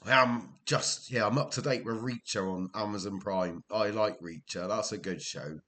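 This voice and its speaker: A man's voice: lowish voice, normal speed, bright, forceful tone. An older man, chatting casually to his stream viewers while he plays a football management game, rambling and chuckling as he goes. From Wales.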